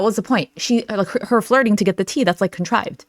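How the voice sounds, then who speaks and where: A woman's voice: mid-range voice, fairly quick, dry recording. A young adult woman hosting a reaction channel, talking casually with lots of fillers and frequent laughs as she reads out chat messages.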